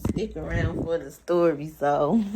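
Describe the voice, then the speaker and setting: A woman's voice: lowish voice, noisy background. A woman vlogger telling a story straight to her viewers in casual, profane talk. She laughs often and acts out quoted lines with rising, emphatic repeats.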